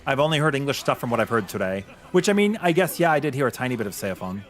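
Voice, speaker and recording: Animated, opinionated male game streamer. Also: mid-range voice, quick pace, soft background music. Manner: chatty and opinionated, reacting to chat. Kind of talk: casual live-stream chat.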